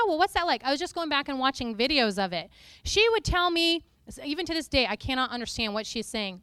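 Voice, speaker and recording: A woman preacher giving a lively, playful teaching talk to a congregation, often breaking into sung and spoken snippets. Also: high-pitched, clear, resonant tone, no echo, studio quality.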